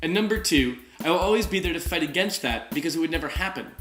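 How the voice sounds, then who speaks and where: A man's voice: fairly high pitch, lively intonation, quick pace, fairly bright tone, soft background music, voice pushed up. A man doing a mock Austrian accent, reading a politician's quote as a joke, in a roomy-sounding recording. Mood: bluff. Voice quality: thick put-on Austrian accent.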